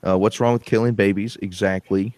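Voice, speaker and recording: Deep-voiced deadpan joking man. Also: a little fast, dry recording. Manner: deadpan edgy joker. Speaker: podcast co-host. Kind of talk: casual crude banter.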